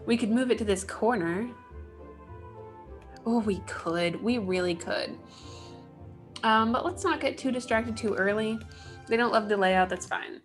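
Unhurried and fairly high-pitched, she leaves long pauses as soft music plays behind her. The woman, likely in her thirties, hosts a gaming channel and talks herself through a casual let's play build with wry, chatty asides.

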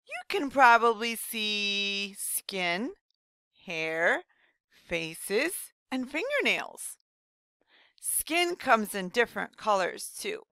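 A woman voicing a cheerful rhyming woman children's doctor, explaining slowly and gently to young children in a scripted read-aloud lesson. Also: medium pitch, very animated, smooth, no room sound, studio quality, exaggerated voice. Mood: friendly.

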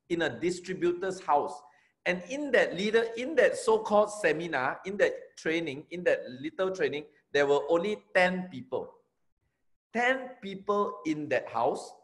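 A middle-aged Malaysian man with a Malaysian accent, giving an energetic, emphatic motivational talk as a network marketing trainer and repeating his key phrases. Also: on the high side.

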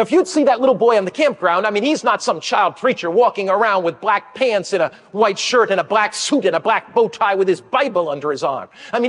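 An older man preaching a sermon, an animated storyteller who acts out the voices of children and other people in his stories. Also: high-pitched. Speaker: pastor. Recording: long hall reverb.

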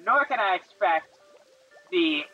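A woman's voice: on the low side, animated, takes it slowly, far from the mic, lo-fi sound, soft background music. Woman playing a smug, sneering creature rival. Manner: sneering, sarcastic.

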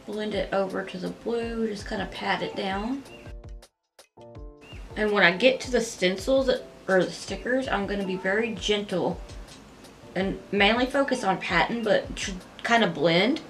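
A woman narrates her makeup tutorial at home in a casual, chatty way, gushing over every shade while she talks through each step. Her voice sits in a middle pitch for a woman. Faint music plays softly underneath. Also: unhurried.

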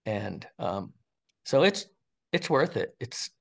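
A man's voice: lowish voice, big pitch swings, takes it slowly, creaky. An older man, an interview guest, telling a story in a casual, rambling way, full of fillers and restarts.

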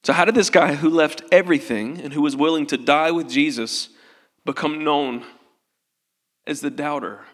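A man's voice: fairly high pitch, moderate pace, in a large hall. A male pastor preaching a sermon in an earnest, tender way, in a church sanctuary.

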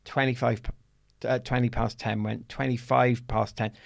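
Man, middle-aged, interview guest: animated storyteller, laughs through his tales, swears freely. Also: mid-range voice, a little slow, creaky. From Wales. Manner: laughs often, swears freely, acts out his own shouts.

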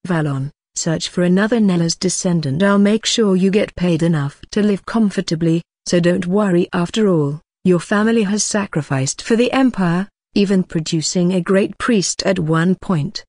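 Low-voiced woman narrating a story. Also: moderate pace, few pauses, darkish tone, no echo, clean studio sound. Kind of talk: scripted story narration reading all parts.

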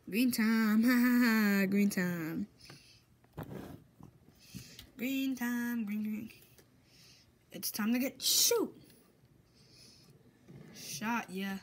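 A woman commentating her own gameplay, excitable and exasperated, swapping in mild minced oaths. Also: medium pitch, a little hiss or hum. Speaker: gamer.

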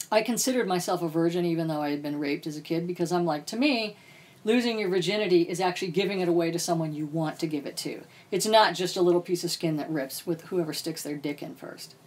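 A woman author as a podcast guest, speaking bluntly and profanely about painful experiences. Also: on the low side. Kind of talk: candid podcast interview.

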